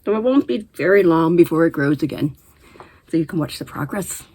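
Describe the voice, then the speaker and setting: Chatty middle-aged female vlog host, slightly low voice, relaxed and rambling. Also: brisk. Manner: chatty, rambling, laughs easily. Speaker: knitting podcast host. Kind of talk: casual chat to camera.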